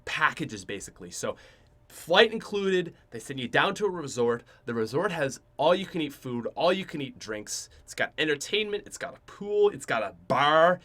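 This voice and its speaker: Fairly high-pitched and fairly bright, a young man with a Canadian accent hosts a podcast at a moderate pace, his pitch swinging a lot. He tells a casual story in a rambling way, with plenty of fillers and restarts.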